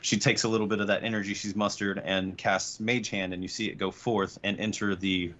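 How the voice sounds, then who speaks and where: A man's voice: fairly low pitch, level tone, fairly quick, a bit bright. A man narrating a tabletop game as game master, rambling with many fillers and restarts.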